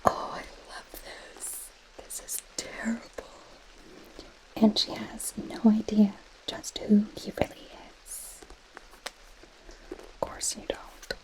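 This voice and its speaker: A woman's voice: mid-range voice, monotone, takes it slowly, poor audio. A woman in a whispered role-play as a possessive goth girl friend, reading a book aloud and mocking it with dry sarcasm. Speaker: ASMR creator.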